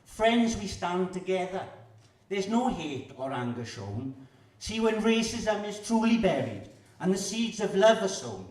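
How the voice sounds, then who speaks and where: A man performs a rhyming poem with a rhythmic, measured delivery. His voice is a little high for a man and sounds distant from the mic, carried in a roomy, echoing space. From Wales. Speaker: performance poet. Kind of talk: poetry performance. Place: live venue with audience. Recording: echoey room, distant mic.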